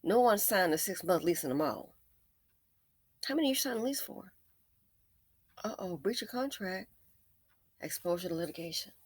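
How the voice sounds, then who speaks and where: A woman hosting an opinion commentary, sarcastic and emphatic, swinging between loud stresses and low muttered asides. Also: expressive, normal speed, pauses often, breathy edge, no echo. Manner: sarcastic and emphatic, with repeated jabs. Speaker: commentary channel host.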